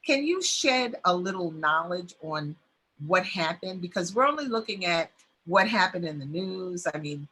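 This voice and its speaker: A woman hosts a community news interview, her voice bright and a little husky. She talks freely, leaning on fillers as she sets up her questions. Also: on the low side, lively intonation, normal speed. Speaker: host.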